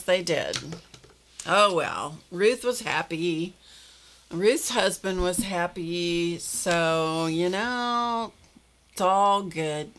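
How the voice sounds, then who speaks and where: Unhurried older woman chatting with viewers. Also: on the low side, fairly bright tone, slight background noise. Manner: chatty, laughs often, talks to viewers by name. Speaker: livestream host greeting viewers. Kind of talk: casual chat reading viewer comments.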